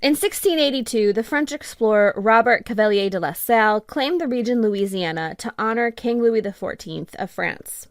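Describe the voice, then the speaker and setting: A woman's voice: mid-range voice, dry recording. Woman reading a history script, dry studio. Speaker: podcast co-host.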